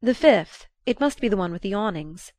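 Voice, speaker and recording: A woman reading an audiobook, voicing an eager young man who is a dutiful son, with a brisk, coaxing, lightly teasing manner. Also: medium pitch, animated, darkish tone, no room sound, studio quality, close to an everyday voice. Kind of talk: audiobook character voice.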